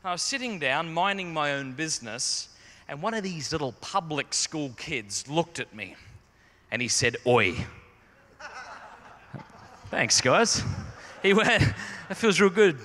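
With a voice on the high side, lively intonation and a sharp tone, a man speaks unhurriedly to a youth audience in a large conference hall. He tells a humorous, self-deprecating story, and the recording carries long hall reverb.

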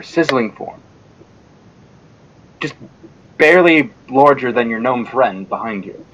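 A man's voice: a little slow, long pauses, dull audio. An Australian man running a tabletop game as dungeon master, narrating scenes vividly over an online call. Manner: vivid descriptive narration, lively pitch.

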